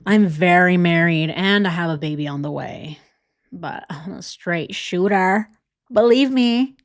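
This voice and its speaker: A woman's voice: lowish voice, a little slow, dry recording, studio quality. A woman mimicking a smug, lying married man. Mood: mocking. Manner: sarcastic mock-sincere.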